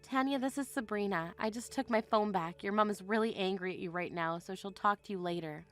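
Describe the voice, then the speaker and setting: A woman's voice: medium pitch, a little fast, fairly bright tone, faint music behind, lightly acted. A woman voicing a wronged, resolute young bride in a text-message drama, speaking in a firm, indignant way. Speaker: voice actor.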